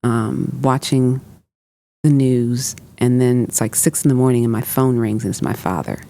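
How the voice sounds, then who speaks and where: A woman in her fifties speaks as a podcast guest, with a gravelly, creaky edge to her voice. Her tone is mellow and dark rather than bright. She tells a personal story conversationally, acting out what people said and filling pauses with "um" and "like". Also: extremely low pitch. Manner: recounts events with reported dialogue and frequent fillers.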